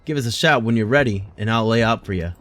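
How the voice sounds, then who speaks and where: A man voicing a blunt, hearty older male guild master in rough colloquial speech, reading game dialogue aloud. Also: lowish voice, quick pace, a bit bright, natural voice. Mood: gruff.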